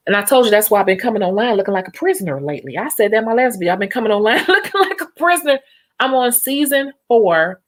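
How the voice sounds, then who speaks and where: A young woman on her home vlog, talking to her viewers in a loose, chatty way. She moves between animated asides and quick laughs. Her voice sits in an ordinary middle pitch. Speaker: nail technician. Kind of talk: casual vlog chat with viewers.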